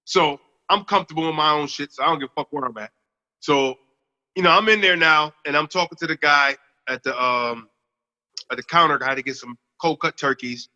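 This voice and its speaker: A man's voice: brisk, pushed and bright, in a large hall, muffled recording. A young man from the US Northeast, cohosting a podcast in casual chat, telling a story with plenty of laughs and swearing. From Northeast United States. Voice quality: baritone.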